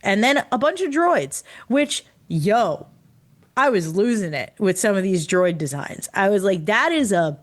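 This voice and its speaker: A tired woman co-hosting a podcast in casual chat, excited and laughing often. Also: medium pitch. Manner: excited, laughs often, puts on quick character voices. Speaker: podcast co-host.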